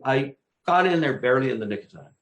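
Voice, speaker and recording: A man's voice: mid-range voice, animated, quick pace, a bit bright. A man, co-host of a talk show, casually telling a vivid personal story, acting out his own exclamations and swearing freely. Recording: echoey room.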